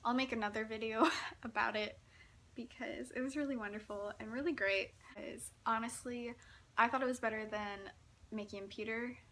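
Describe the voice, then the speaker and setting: A woman's voice: a little high, fairly even intonation, normal speed, bright, forceful tone, slight background noise. A young woman from Texas telling a story in a chatty vlog, giggling often and saying "like" a lot. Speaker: vlogger.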